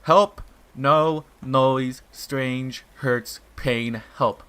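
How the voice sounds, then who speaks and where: A man's voice: medium pitch, fairly even intonation, normal speed, bright, forceful tone. A man reading a fan fiction story aloud, voicing a frightened feral human girl who whimpers and pleads in broken, clipped words. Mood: panicked pleading.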